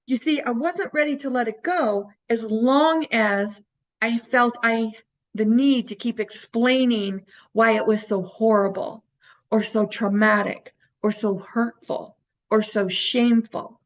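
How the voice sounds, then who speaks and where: An unhurried woman whose voice sits on the high side presents a recorded course on inner-child healing. She coaches earnestly, asking her listeners rhetorical questions, though the audio is muffled.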